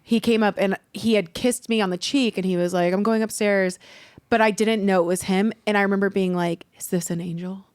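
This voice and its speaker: A young woman, co-hosting a casual podcast and telling stories with lively acted-out quotes. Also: mid-range voice, fairly quick, clean tone, no echo. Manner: animated storyteller, acts out quotes. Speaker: podcast co-host. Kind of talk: casual chat.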